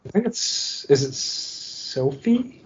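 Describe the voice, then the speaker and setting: A man's voice: fairly high pitch, very animated, takes it slowly, husky, dull audio. A man co-hosting a podcast in casual chat, talkative, laughing often and filling his speech with "like". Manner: chatty, laughs often, lots of "like" fillers. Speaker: podcast co-host.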